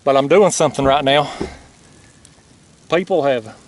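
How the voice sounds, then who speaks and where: A man hosting a fishing vlog from his kayak, exclaiming and out of breath. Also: mid-range voice. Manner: excitable, exclaiming, drawn-out words. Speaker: fishing channel host. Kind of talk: excited outdoor vlog. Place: kayak on a lake outdoors.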